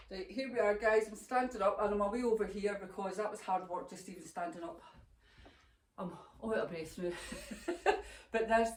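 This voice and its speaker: A woman hosting a knitting podcast, chatting casually and rambling on with gushing enthusiasm, filmed on her phone at home. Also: medium pitch. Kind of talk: casual chat to camera.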